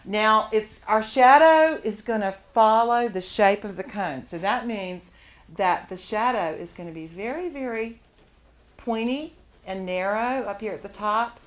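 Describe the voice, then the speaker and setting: A woman art teacher with a medium-pitched voice leads a live charcoal drawing class at a measured pace. She encourages her students and laughs often as she works.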